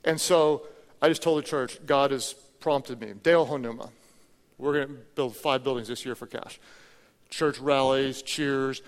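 A man's voice: mid-range voice, steady tone, unhurried, long reverb tail. A male pastor preaching a sermon to his congregation, telling stories with energy and humor. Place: large church auditorium.

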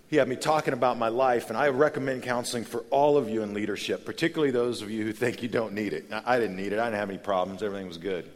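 Candid pastor in a reverberant hall. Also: male voice, lowish voice. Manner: candid, conversational, swings from hushed to loud and animated. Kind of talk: conference sermon.

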